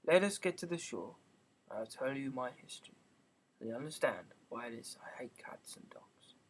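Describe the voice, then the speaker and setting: A man voicing a touchy, trembling little mouse with a shrill, passionate way of talking in an amateur audiobook reading. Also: very animated, moderate pace, bright, forceful tone, breathy edge, full character voice. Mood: quiet.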